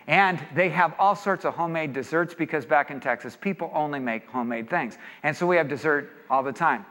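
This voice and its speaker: A man from California speaking to an audience, an animated and jokey storyteller, in an echoey hall. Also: fairly high pitch, a little fast. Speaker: speaker leading a seminar or sermon. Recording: echoey hall with long reverb.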